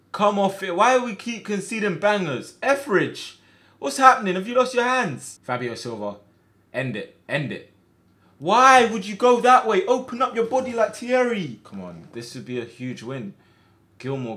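A man streaming a football management game, reacting out loud with groans and cheers as he commentates. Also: sits high. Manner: excitable, shouts at players, swings between groans and cheers. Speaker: gaming streamer.

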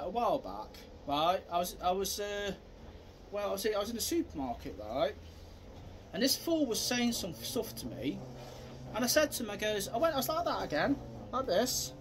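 A man giving a rambling, repetitive self-defence demonstration, acting out scenes and bursting into shouted sound effects. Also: very high voice, slight background noise. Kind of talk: casual demonstration talk.

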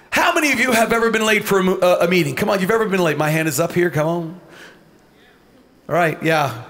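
A middle-aged man preaching a sermon in church, animated, often rising to a shout and acting out the people in his story. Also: high-pitched, moderate pace. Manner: animated, swings to shouting, acts out voices. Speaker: pastor.

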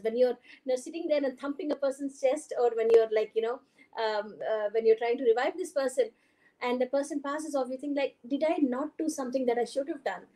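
A woman doctor with an Indian English accent gives a lecture at a conference, talking in a loose, conversational way and dotting her speech with fillers. Her voice sits a little high. It has a mellow, soft tone. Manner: conversational, frequent fillers, mixes Hindi phrases. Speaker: doctor giving a conference talk. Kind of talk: lecture presentation. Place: conference hall.

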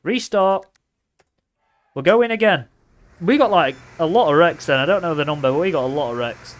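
A young man casually commentating his own racing game, playful and excitable, with loud bursts of trash talk. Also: on the high side, normal speed. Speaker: gaming commentator.

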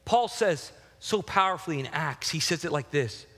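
A man preaching a sermon as pastor, telling a personal story with lively shifts from loud, excited bursts to quiet, reflective passages. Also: a little high, moderate pace, big-room sound.

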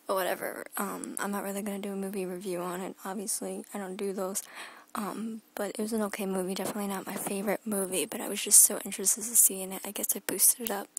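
A woman's voice: medium pitch, level tone, fast, few pauses, husky, rough recording. A young woman in her teens chatting in a rambling daily vlog from her bedroom, often dropping into a whisper, filmed on a phone held at arm's length. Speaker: vlogger.

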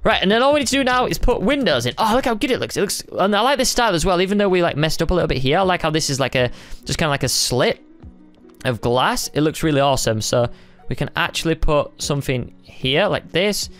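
A young man talks through a timed build in a chatty, excitable gaming commentary, thinking aloud as he goes. His voice sits a little high and sounds smooth and clear on a close desk mic. Soft music plays faintly behind him. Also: fast talker. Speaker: gaming YouTuber. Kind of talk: casual gameplay commentary.

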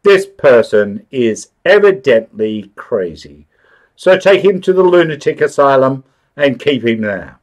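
A man's voice: mid-range voice, sing-song, unhurried. A man playing a stern, impatient magistrate. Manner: severe, impatient questioning. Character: stern, brusque male magistrate.

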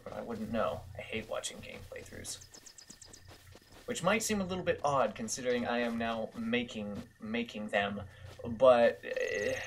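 A man's voice: on the low side, a little hiss or hum. A young man giving casual, self-mocking gameplay commentary, swearing often. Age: young adult. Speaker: gaming video host.

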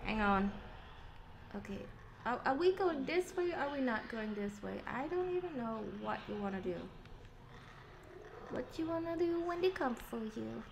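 A woman's voice: a little high, expressive, moderate pace, vocal fry, pauses often, noisy background. A woman streaming a video game live, chatting casually with viewers, giggling often and swearing when startled. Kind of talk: casual live gameplay chat.

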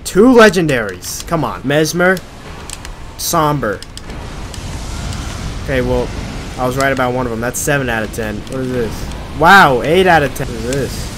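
A man's voice: mid-range voice, animated, moderate pace, long pauses, background noise. A young man giving casual gameplay commentary, joking and exasperated as he talks to himself. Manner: joking, exasperated self-talk. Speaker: gaming video creator. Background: loud game music.

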